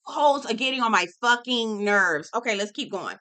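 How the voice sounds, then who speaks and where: A woman giving a casual, profane reality TV recap, sassy and animated, calling everyone "girl". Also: fairly high pitch, normal speed.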